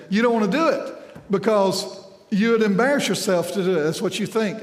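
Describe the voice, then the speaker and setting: A man's voice: high voice, fairly quick. A man preaching a sermon in a folksy, conversational way. He quizzes the congregation and often trips over repeated words. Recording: echoey hall with long reverb.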